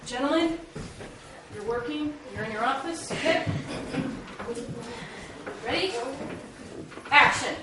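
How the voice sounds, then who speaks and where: A woman's voice: high voice, expressive, slow, pauses often. A woman teacher giving instructions to her class and directing students through a role-play. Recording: very echoey, distant and noisy classroom recording.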